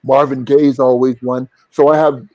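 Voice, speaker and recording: A man's voice: mid-range voice, little pitch movement, normal speed, dark tone, no room sound, rough recording. A man, a singer and vocal coach, talking earnestly as a guest in an interview. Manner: earnest, reflective, sings short vocal examples. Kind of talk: casual interview talk.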